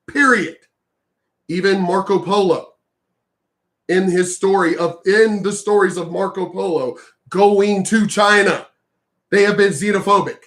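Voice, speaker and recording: Host, male, high-pitched, angry profane ranter, raises voice to a shout at times. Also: a little slow, long pauses. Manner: heated, profane, emphatic, sometimes shouting. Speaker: reaction commentator. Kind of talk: ranting reaction commentary.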